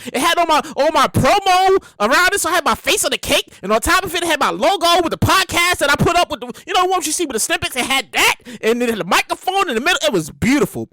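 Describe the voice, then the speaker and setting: A woman in her late thirties with a Brooklyn accent hosting a solo comedy podcast, loud and animated, exclaiming and repeating herself. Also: high-pitched, quick pace, hardly any pauses, no echo. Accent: New York, Brooklyn. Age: late 30s. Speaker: podcast host. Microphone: studio microphone.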